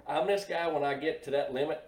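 A man's voice: a little high, steady tone, fairly quick. Laid-back male guest, echoey distant sound. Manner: plain-spoken, laid-back, laughs easily. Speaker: guest, former race team crew member. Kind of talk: casual storytelling chat. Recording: echoey room, mic at a distance.

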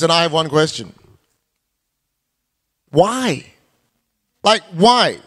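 High-voiced preaching man in echoing hall. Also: sing-song, extremely slow, a bit bright. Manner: rhetorical questions, emphatic preaching. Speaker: pastor. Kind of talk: sermon. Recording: long hall reverb.

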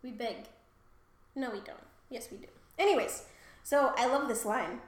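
A woman's voice: a little high, normal speed, very echoey. A woman co-hosting a podcast in casual chat, loose and profane, laughing often. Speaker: podcast co-host.

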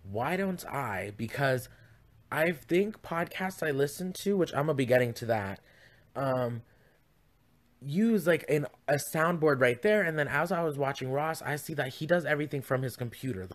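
A young man with a fairly high, lively voice at normal speed hosts his own podcast from home on a podcast mic. His casual chat is campy and rambling, full of asides.

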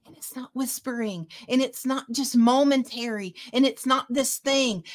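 Woman, preacher, fairly high voice, impassioned, reads scripture aloud. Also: a bit bright. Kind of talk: sermon.

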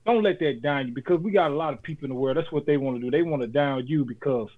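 A man's voice: fairly high pitch, fast talker. A man co-hosting a casual podcast, talking in a laid-back, joking way and giving motivational advice. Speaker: podcast co-host. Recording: phone-like lo-fi audio.

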